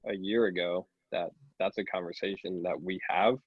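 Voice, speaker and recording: A man's voice: low-pitched, fairly even intonation, moderate pace, slightly rough, no room sound, dull audio. A man in a casual podcast chat, telling a story and quoting what others said.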